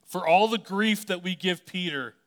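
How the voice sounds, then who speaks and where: Male preacher, slightly high and very clear voice, chatty and playful delivery. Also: normal speed, fairly bright tone. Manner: casual and joking, many "like" fillers. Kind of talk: conversational sermon.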